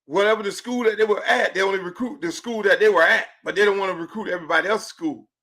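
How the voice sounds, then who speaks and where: A brash man hosts his podcast with a fairly high voice for a man. He rants about sports in a profane, opinionated way, jumping between loud outbursts and low, half-mumbled asides. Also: fast. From Miami. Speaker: podcast host.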